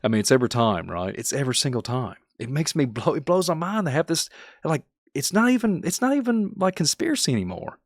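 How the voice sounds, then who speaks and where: A man hosting a conspiracy podcast, talking excitedly and folksy straight to his listeners. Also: on the high side, fast, no echo, clean studio sound. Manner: animated, folksy, talks straight to the audience. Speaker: podcast host.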